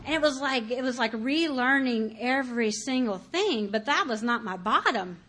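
A woman's voice: on the high side, expressive, normal speed, fairly bright tone. A woman giving a candid personal testimony about her recovery, talking conversationally with many fillers and acting out her past thoughts. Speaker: speaker sharing her recovery story.

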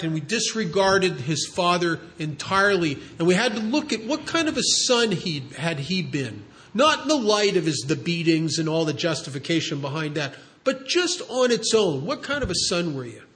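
A man's voice: a little high, fairly bright tone. A man telling, in earnest and emphatic tones, a story from his counseling work, putting rhetorical questions to his listeners. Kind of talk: storytelling talk.

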